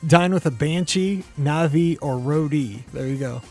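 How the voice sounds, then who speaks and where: Male podcast host, slightly high voice, chatty and jokey, faint music underneath. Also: measured pace, darkish tone. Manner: upbeat, joking, rambling asides. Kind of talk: casual podcast chat.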